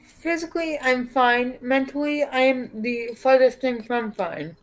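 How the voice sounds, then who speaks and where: A woman plays her character in a tabletop game, in a high, light voice. She sounds frightened and apologetic. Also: measured pace, low-quality recording. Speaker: player.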